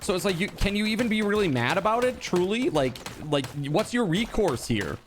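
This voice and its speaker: Slightly fast and high-voiced, a man live-streams from home with a little background noise behind him. His casual chat with viewers is animated and incredulous, peppered with the occasional swear word.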